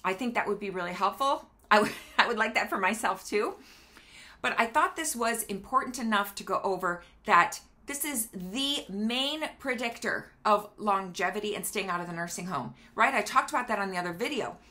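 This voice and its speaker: Bright chatty woman demonstrating balance exercises. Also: medium pitch, animated, moderate pace. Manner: chatty, instructive, counts aloud during exercises. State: slightly out of breath. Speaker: doctor and video host. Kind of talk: casual health demo vlog. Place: home kitchen near a counter.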